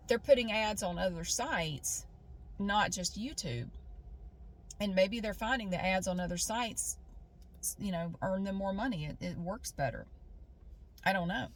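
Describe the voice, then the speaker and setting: A middle-aged woman vlogger talking casually to camera, candid and thinking aloud, often repeating herself. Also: medium pitch. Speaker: YouTube creator.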